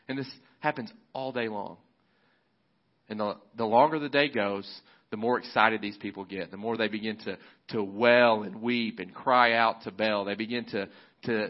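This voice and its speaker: Low-voiced casual male preacher. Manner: casual, conversational storytelling with fillers. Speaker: pastor. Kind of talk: sermon. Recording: slightly muffled recording.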